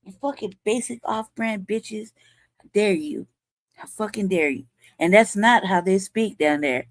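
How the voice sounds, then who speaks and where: A man's voice: high-pitched, unhurried, no room sound. A man co-hosts a commentary show, firing back agreement and swearing freely. The sound is close and dry. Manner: profane, heated, affirming. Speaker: co-host. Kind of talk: commentary podcast.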